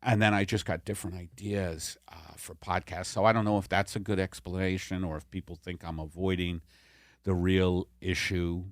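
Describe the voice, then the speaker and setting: Low-voiced middle-aged guy rambling on his podcast, swears a lot, dry close mic. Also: level tone, moderate pace, no room sound. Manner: rambling, self-deprecating, swears freely. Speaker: podcast host. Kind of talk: casual comedy podcast chat.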